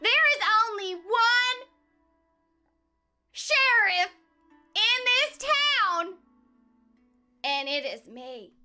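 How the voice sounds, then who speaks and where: Bright, high, swooping country sheriff gal with a hammy drawl, played by a woman for fun. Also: big pitch swings, extremely slow, pauses often, soft background music, heavily acted. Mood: boastful. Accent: put-on American country drawl. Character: cheerful boastful female country sheriff.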